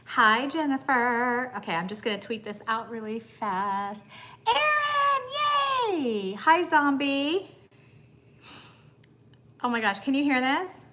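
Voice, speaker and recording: Bubbly high-voiced woman on a live stream. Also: normal speed, few pauses, noisy background. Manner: bubbly, greets viewers and coos to her dog. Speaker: livestream host. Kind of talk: casual live stream chat.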